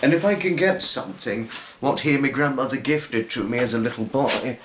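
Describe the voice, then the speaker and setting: A tearful young man recording a personal vlog, earnest and rambling, with many restarts. His voice sits at an ordinary middle pitch. It echoes around a roomy space, and a faint hum of ambience runs underneath. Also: brisk. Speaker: fan vlogger.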